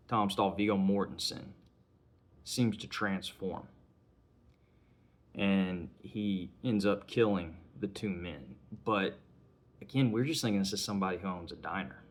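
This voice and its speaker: A man giving a casual spoken film review, retelling scenes in a conversational way. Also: lowish voice. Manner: retells scenes conversationally, acting out lines in passing.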